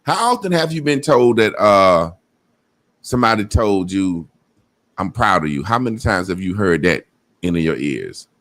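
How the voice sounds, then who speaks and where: A man's voice: low-pitched, big pitch swings, unhurried, fairly bright tone. A man hosting a podcast, talking candidly and rambling, often checking in with "you know what I'm saying?". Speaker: podcast host. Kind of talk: casual chat.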